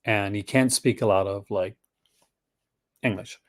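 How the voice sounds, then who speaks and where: A man's voice: lowish voice, fairly even intonation, unhurried. A man from Newfoundland with a mixed Canadian and Newfoundland accent, hosting a casual livestream chat and telling stories with lots of laughter. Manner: chatty, laughs often, retells stories with voices. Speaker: host.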